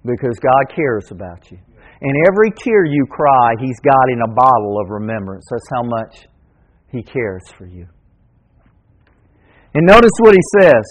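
A middle-aged male pastor preaching a sermon, swinging between loud emphatic calls and quiet intimate asides. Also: medium pitch, big pitch swings, unhurried, pauses often, low-quality recording.

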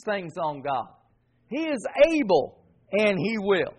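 A man preaching a sermon as pastor, swinging between loud emphasis and soft, quiet passages. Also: sits high, lively intonation, measured pace, slightly rough. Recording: dull lo-fi sound.

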